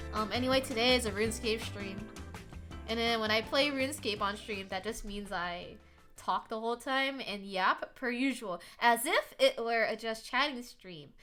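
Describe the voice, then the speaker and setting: A woman's voice: on the high side, sing-song, measured pace, pushed and bright. A young woman streaming, chatting casually, rambling, laughing often and swearing. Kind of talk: casual chat. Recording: faint music behind.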